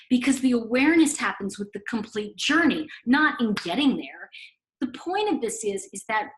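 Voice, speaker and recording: Woman running a spiritual class, chatty and conversational, kinda high voice, acts out little dialogues as she goes. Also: expressive, moderate pace, low-quality recording. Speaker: spiritual teacher and oracle card author. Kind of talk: casual teaching talk.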